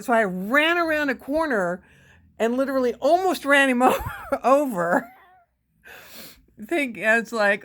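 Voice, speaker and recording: A middle-aged woman telling a personal story in a casual, excited way, often quoting herself with exclamations. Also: a little high, normal speed. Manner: excited, breathless retelling with quoted exclamations. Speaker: vlogger sharing a personal memory.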